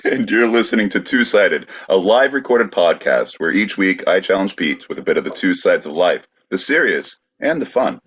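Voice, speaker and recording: Low husky podcast host, lively delivery. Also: male voice, normal speed, hardly any pauses, muffled recording. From Brooklyn, New York. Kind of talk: casual podcast hosting.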